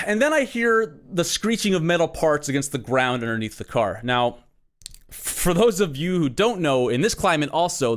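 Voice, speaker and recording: A young man telling a long, profane, exasperated comic rant with sarcastic asides. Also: on the high side. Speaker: comedy podcast host. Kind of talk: ranting comic monologue.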